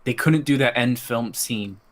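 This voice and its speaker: A man talking as a guest on a casual podcast, rambling with many restarts and fillers, getting animated. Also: medium pitch, unhurried. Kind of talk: casual chat.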